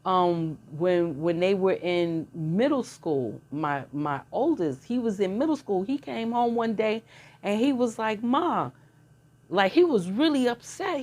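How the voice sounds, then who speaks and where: A woman's voice: mid-range voice, expressive, a little slow, darkish tone. A middle-aged woman telling stories in a blunt, slangy casual monologue, often laughing. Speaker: channel host.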